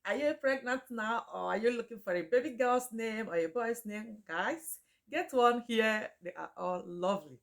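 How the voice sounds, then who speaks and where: A woman teaching names in a casual chat, repeating each one slowly and laughing often. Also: fairly high pitch, creaky. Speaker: Igbo language teacher. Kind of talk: casual spoken lesson.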